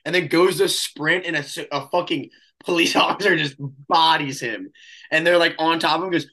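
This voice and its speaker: Bright-voiced man in casual sports chat. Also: fairly high pitch. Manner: laid-back, profane storytelling, quick laughs. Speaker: podcast co-host.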